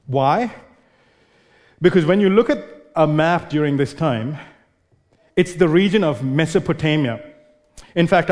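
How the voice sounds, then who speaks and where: A man's voice: on the high side, in a large hall. A male preacher giving an expository sermon, explaining and posing rhetorical questions.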